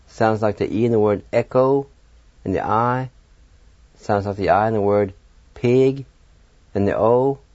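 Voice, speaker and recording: Patiently spelling out words letter by letter, a man encourages his learners during a radio language lesson. His voice is mellow and on the low side, heard in a dry, dull lo-fi radio recording.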